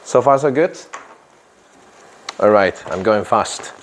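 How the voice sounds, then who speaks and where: Checking in with "yeah?" after almost every point and repeating phrases, a man takes a class through English grammar. His voice is lowish and animated, he speaks slowly, and the background is noisy.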